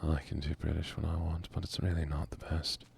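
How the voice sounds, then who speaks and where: A male streamer speaking in a put-on Southern accent, with a gravelly, chest-rumbling voice, talking slowly and softly to chat in an ASMR gaming stream. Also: flat delivery, slight background noise. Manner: slow, murmured, talks to chat while playing.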